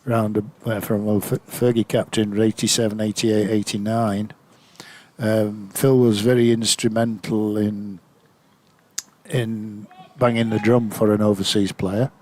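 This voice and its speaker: A man's voice: fairly low pitch, little pitch movement, measured pace, darkish tone. An older man, a former player reminiscing in a rambling, anecdotal way with many fillers. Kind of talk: reminiscing commentary chat.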